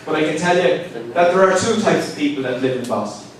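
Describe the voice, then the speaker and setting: Irish man, young stand-up, lively wry delivery, far from the mic, crowd laughing behind. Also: on the high side, fast talker, very echoey. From Ireland. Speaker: stand-up comedian. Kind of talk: stand-up comedy set. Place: comedy stage in a large hall. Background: audience laughter and chatter.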